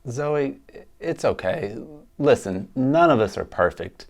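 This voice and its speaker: Warm-hearted male friend in a skit, calm and reassuring with an expressive lilt. Man performs. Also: mid-range voice, takes it slowly, creaky. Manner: gentle, reassuring. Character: kind, supportive male friend. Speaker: caller in a church skit. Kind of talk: amateur stage skit.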